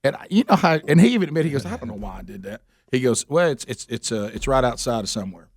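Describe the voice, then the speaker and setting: A man's voice: medium pitch, big pitch swings, fast, no echo, clean studio sound. A man, hosting a radio show and telling rambling, chuckling anecdotes in casual chat.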